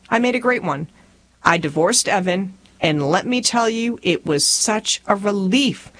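Southern woman, 40s, memoir audiobook narrator, humorous down-home storyteller. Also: a little hiss or hum. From rural Tennessee. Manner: folksy, humorous storytelling with lively pitch.

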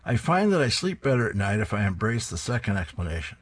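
A comic-strip mom with dry, joking delivery, mostly low and even, as a man puts her on. Husky tone, unhurried. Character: wry middle-aged mom, joking dryly.

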